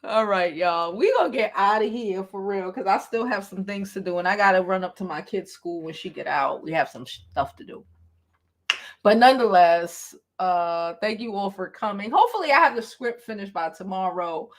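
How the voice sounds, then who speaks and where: A woman in her thirties hosting a casual livestream, animated and quick to laugh. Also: medium pitch. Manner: slow, animated, laughs often. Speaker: livestream host.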